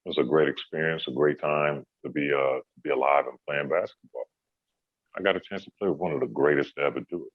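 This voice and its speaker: A man, a former basketball player, telling a story in a relaxed, casual interview, with a husky voice. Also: extremely low pitch, quick pace, no room sound, phone-quality sound. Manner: relaxed, laid-back, many "you know"s.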